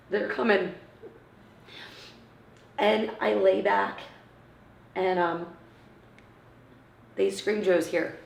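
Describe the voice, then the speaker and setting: A woman in her thirties telling an emotional personal story in an interview, acting out what others said and often dropping to a hushed near-whisper. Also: medium pitch, vocal fry, slight background noise. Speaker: interviewee, mother of premature twins. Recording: roomy, from a distance.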